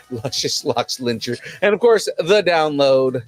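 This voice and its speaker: A man hosting a casual pop culture podcast, relaxed and jokey, with fillers and restarts. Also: mid-range voice, takes it slowly, no room sound. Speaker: podcast host. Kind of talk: casual chat and show hosting.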